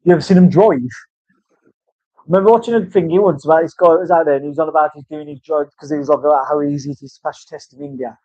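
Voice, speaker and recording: Tattoo artist, male, dark mellow voice, talkative and foul-mouthed, dry dull lo-fi recording. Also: on the high side, fairly even intonation, racing, dry recording. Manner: chatty, swears freely, tells rambling stories. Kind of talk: casual chat while working.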